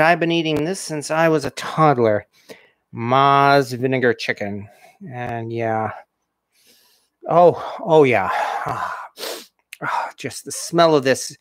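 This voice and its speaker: A man's voice: mid-range voice, no echo. A man hosting a casual cooking livestream, chatting and chuckling as he tastes his dish and answers viewer comments. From New England, USA. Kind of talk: casual live-stream chat while tasting food.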